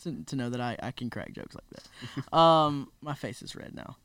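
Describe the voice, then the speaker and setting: A man's voice: mid-range voice, normal speed, fairly bright tone, clear, resonant tone, no room sound. A man hosting a casual podcast chat, teasing his guests and cracking jokes. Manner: joking, teasing. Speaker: podcast host.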